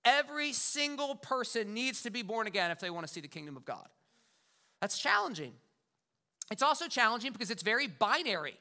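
A man's voice: extremely high pitch, very animated, brisk, sharp tone. A middle-aged man preaching a sermon as pastor, emphatic and conversational, repeating words for weight.

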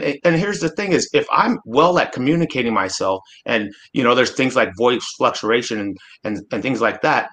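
A man's voice: medium pitch, expressive, moderate pace, few pauses, a bit bright. A man in his forties from Alaska, a guest speaking earnestly and emphatically in a casual discussion, often restarting his sentences. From Alaska, USA.

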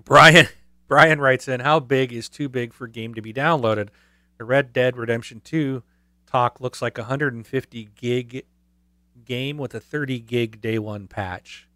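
A man's voice: medium pitch, a little slow, pushed and bright, no room sound. A man hosting a casual podcast, joking and laughing often with his co-host. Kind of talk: casual chat.

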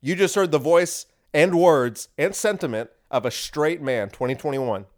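Brief: young male podcaster, slightly high voice, angry solo rant. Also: normal speed. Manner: heated, combative, swings loud and quiet. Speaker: podcast host. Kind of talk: ranting monologue.

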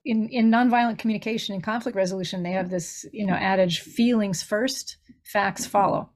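A woman's voice: medium pitch, fairly even intonation, fairly quick. Earnest middle-aged woman telling stories. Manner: earnest storytelling, acts out quoted voices. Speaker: grief recovery minister. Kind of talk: conversational podcast interview.

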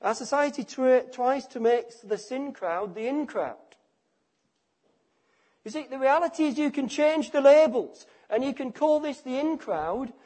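High-voiced man preaching a sermon. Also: animated, a little slow. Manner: emphatic, repeats phrases, drops to quiet endings.

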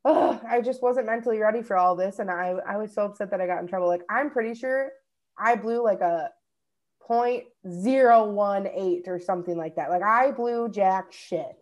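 A woman's voice: medium pitch, moderate pace. A young woman from Minnesota, co-hosting a podcast, telling a story in casual chat and swearing freely. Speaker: podcast co-host.

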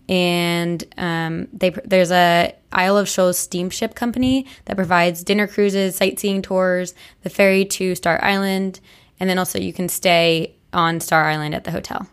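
Young female podcast co-host, lower voice, casual rambling storyteller. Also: fairly even intonation, normal speed, clear, resonant tone. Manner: chatty, many likes and restarts.

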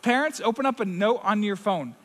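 Male pastor, high voice, chatty earnest sermon delivery, reverberant church hall. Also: a little fast, a bit bright. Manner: earnest, conversational preaching with repeated "right?".

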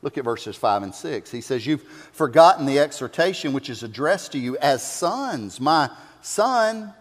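A man's voice: medium pitch, big pitch swings, a little slow. A man preaching a sermon as pastor, who tells stories and builds to fervent, repeated exhortation. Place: church sanctuary. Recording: long hall reverb.

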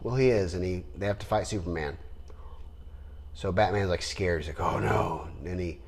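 A man co-hosting a podcast, chatting casually and rambling with animated bursts of laughter. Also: low-pitched, brisk, slight background noise. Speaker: podcast co-host. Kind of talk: casual chat.

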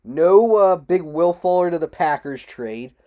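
A man hosting a solo sports talk show, ranting in a frustrated, rambling way, swearing and jumping sharply up in pitch. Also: animated, a little slow, darkish tone. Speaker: podcast host.

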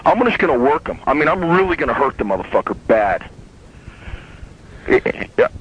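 A man's voice: a little high, very animated, moderate pace, a bit bright, breathy edge. A man telling a long, heated story in casual chat, profane and rambling, often restarting his sentences. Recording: dull lo-fi sound.

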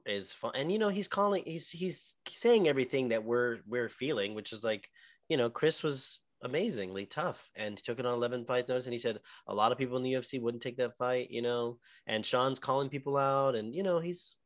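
A man's voice: mid-range voice, a little fast. Laid-back man chatting about fights. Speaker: podcast co-host. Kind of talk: casual sports chat.

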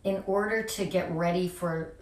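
A woman with a lowish voice recalls family memories in an easy chat, pausing and restarting as she goes. She sits back from the mic, and the room adds plenty of echo. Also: fairly even intonation, distant mic. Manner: reminiscing, halting with fillers. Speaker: family member sharing memories.

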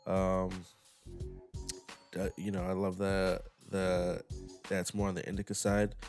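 A man with a very deep voice talks casually in a vlog, reading descriptions and tripping over hard words. His tone is laid-back and full of slang, with faint music playing under him. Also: monotone, slow, a little mellow. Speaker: cannabis strain reviewer.

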